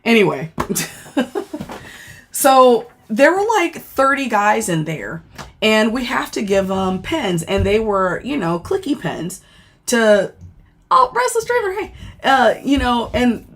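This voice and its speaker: A woman, a former corrections officer, casually telling a story on a livestream, animated and profane, with lots of fillers. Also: fairly high pitch, slow pace. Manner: animated, profane, laughing and dramatizing; chatty with many fillers.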